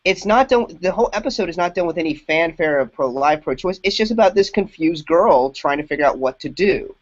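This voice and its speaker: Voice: medium pitch, lively intonation, brisk. A podcast co-host talking in casual chat, rambling with many fillers and restarts. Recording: dull lo-fi podcast audio.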